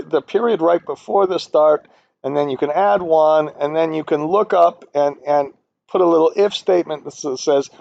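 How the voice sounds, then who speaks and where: A man walks through a finance spreadsheet in a rambling, opinionated way, full of fillers and restarts. His voice sits a little high and has a gravelly fry to it. The recording is dry and a bit dull, like a computer mic. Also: a little mellow. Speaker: finance instructor. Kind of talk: screen-recorded spreadsheet tutorial. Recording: dull, dry low-fidelity audio.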